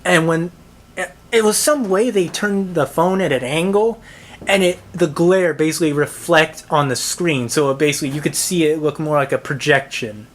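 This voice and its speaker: A man ranting about a bad night at the movies, profane and exasperated, rambling with many restarts. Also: a little high. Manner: halting, full of restarts and "like". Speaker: movie reviewer. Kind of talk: ranting movie-theater story.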